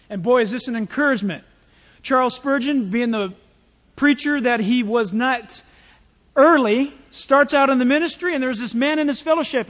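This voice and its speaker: A male pastor preaching a sermon in a church, in a conversational, animated way with playful asides. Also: very high-pitched, big-room sound.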